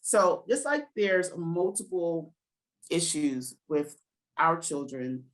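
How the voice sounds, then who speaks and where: A woman in her forties with a New Jersey accent, talking fast and animated as a guest educator in a podcast interview. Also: low voice, low-quality recording.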